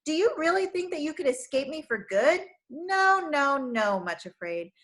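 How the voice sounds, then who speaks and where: A woman's voice: high voice, big pitch swings, moderate pace, fairly bright tone, voice pushed up. A woman doing a sneering male bully of fear. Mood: sneering taunting. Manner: sneering, taunting.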